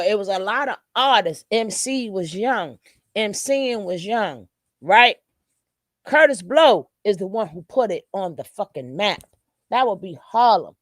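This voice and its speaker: A woman's voice: mid-range voice, dry recording, studio quality. A woman with a New York accent, hosting a channel and giving blunt, profane, heated reaction commentary. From New York City. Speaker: channel host.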